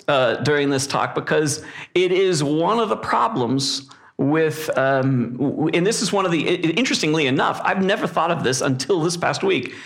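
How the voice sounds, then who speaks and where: A male pastor preaching a sermon in a reflective way, pausing often with fillers. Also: on the high side, vocal fry, a bit bright.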